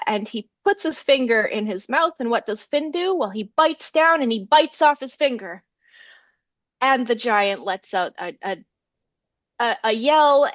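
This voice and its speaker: A woman's voice: fairly high pitch, no room sound, dull audio. A woman scholar, a guest in an interview, retelling a folk tale with animation and acting out the characters' lines. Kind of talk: storytelling in an interview.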